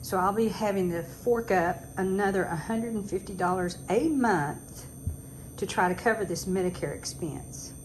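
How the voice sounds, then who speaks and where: A woman's voice: mid-range voice, moderate pace, poor audio. Fed-up woman in her sixties ranting. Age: 60s. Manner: exasperated, talkative, sarcastic asides. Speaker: vlogger. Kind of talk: casual rant. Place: at home. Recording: noticeable background noise.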